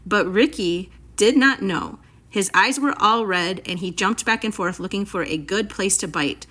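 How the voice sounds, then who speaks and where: A woman's voice: mid-range voice, a bit bright. Woman reading a classic story aloud. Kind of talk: illustrated story read-aloud for students.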